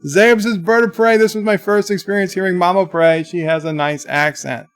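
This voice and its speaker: A man hosting a livestream, reading viewer chat comments aloud in a chatty, halting way. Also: high-pitched, steady tone, clear, resonant tone. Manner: chatty, halting, with many restarts. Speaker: livestream host.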